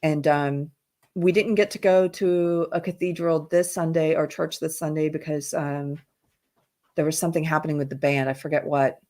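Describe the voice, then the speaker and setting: A woman's voice: deep voice, fairly even intonation, normal speed, dark tone. A woman hosting a casual livestream, chatting in a rambling way and reading viewer comments aloud. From South Carolina, USA. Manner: chatty, rambling, laughs often. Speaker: livestream host. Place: indoors while traveling. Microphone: headphones in, computer mic.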